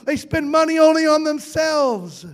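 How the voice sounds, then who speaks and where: A man's voice: very high voice, expressive, measured pace. A man preaching a sermon, folksy and playful, often asking the congregation questions. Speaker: pastor. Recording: hall reverb.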